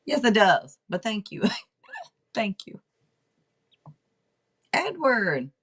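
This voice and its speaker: A woman's voice: medium pitch, very animated, very slow, breathy edge. Chatty middle-aged woman tarot reader. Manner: rambling, chatty, talks out loud to herself. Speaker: tarot reader and livestream host. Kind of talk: casual livestream tarot reading.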